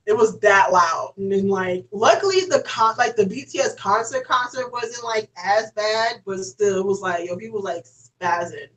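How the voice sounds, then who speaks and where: A woman's voice: medium pitch, moderate pace, fairly bright tone, recorded from a distance, poor audio. A young woman chatting casually, rambling and saying "like" constantly. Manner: rambling, heavy use of "like". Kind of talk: casual chat.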